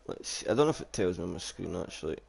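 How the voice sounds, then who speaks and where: A man's voice: deep voice, sing-song, rapid-fire, gravelly, a little mellow. A man, commentating a sim racing league stream in a casual, jokey way, reading out chat comments and calling the grid. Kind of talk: casual live race commentary.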